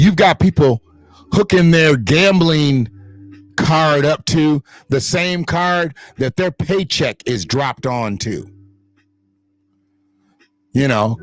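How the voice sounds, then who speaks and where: A man's voice: a little high, no room sound. Blunt, profane man ranting on camera. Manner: blunt, emphatic, rambling. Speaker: online show host. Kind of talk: profane casual commentary.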